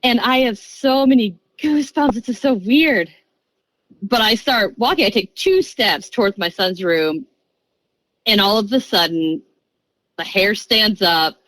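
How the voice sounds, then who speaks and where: A lively woman in her thirties, telling a story as a podcast guest at a middle pitch. She rattles along in quick chatty bursts and acts out every quoted voice. The sound is close and dry, with no room around it. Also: no room sound, low-quality recording. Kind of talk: casual storytelling.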